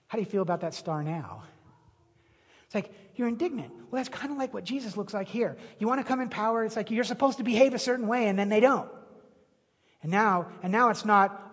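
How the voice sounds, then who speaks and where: A male pastor with a high, husky voice gives a chatty sermon. He stumbles over and repeats his words. The long reverb of a big hall hangs behind him. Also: brisk. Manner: conversational, repeats words, acts out quotes.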